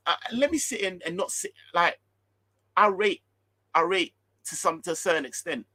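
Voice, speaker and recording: No echo colors this fairly high-pitched man's voice as he rants about football for his fan channel. In his 30s, he's heated and animated, cursing and repetitive.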